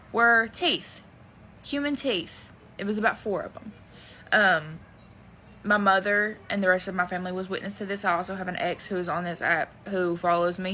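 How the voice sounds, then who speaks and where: A woman's voice: on the low side, bright, forceful tone, a little hiss or hum, poor audio. A woman in a confiding, earnest way telling a creepy story she has rarely shared, stretching words for emphasis. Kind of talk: confessional storytelling.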